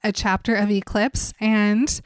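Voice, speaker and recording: A woman's voice: mid-range voice, fairly even intonation, a little slow, clear, resonant tone, no room sound. Young woman cohosting a podcast, upbeat and playful, dry close sound. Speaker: podcast co-host. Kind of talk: casual chat.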